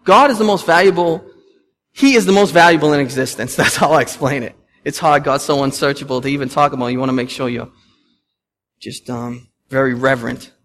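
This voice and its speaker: A man in his thirties preaching a sermon in a church, animated, rising and falling with emphasis and asking the congregation questions. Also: mid-range voice, a little fast, long reverb tail, a little hiss or hum. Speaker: pastor. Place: church sanctuary.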